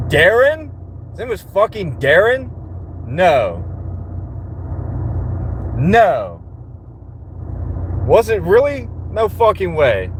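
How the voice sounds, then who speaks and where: Male streamer, slightly high, animated, profane and joking; loud vehicle noise in the background. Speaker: livestream host. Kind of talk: casual rambling chat to viewers.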